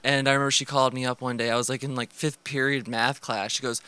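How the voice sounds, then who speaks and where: A man's voice: medium pitch, level tone, quick pace, bright, forceful tone, smooth, no room sound. A young man telling family stories casually on a podcast, rambling with lots of fillers and laughs. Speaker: guest.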